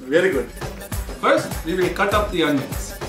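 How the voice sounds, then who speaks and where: A man's voice: high voice, animated, moderate pace, roomy sound, recorded from a distance. A man voicing a cheery male cook with an exaggerated, sing-song Kerala Indian accent. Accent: Kerala Indian, put on. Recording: music playing loudly behind.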